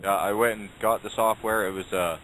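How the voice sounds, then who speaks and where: A man's voice: on the low side, steady tone, brisk, a crowd in the background, poor audio. A man chatting casually on an internet radio show, rambling with many restarts. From Canada. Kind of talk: casual chat. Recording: faint background noise.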